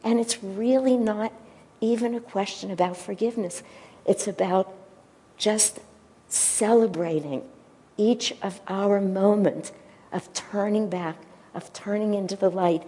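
A woman giving a gentle devotional talk and retelling a story, pausing at times to search for her words. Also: mid-range voice, long reverb tail. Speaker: spiritual teacher.

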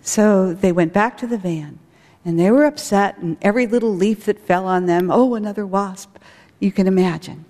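A woman's voice: mid-range voice, normal speed, warm tone. A woman who directs a school, giving an earnest spiritual talk with stories. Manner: earnest, storytelling with acted quotes. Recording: long hall reverb.

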